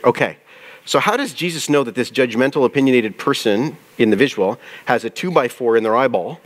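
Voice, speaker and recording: Man preaching with questions to his audience. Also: medium pitch. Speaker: pastor. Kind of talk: sermon.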